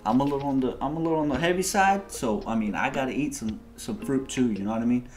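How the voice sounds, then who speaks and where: Hyped male gamer narrating his play, slangy and loud about it, game music underneath. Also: medium pitch, fast. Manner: excitable, talks to viewers as "y'all", slangy. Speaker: gaming video host. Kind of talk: casual let's-play commentary.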